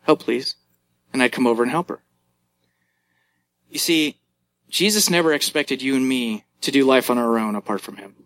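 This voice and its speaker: A man's voice: mid-range voice, moderate pace, long pauses, fairly bright tone. A pastor in his thirties preaching a sermon, conversational and telling family stories.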